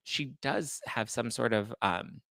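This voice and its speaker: Chatty gravelly-voiced man hosting a show. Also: mid-range voice, slow pace, dry recording. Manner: chatty, reads viewer comments aloud, animated retelling. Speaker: host. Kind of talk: casual chat.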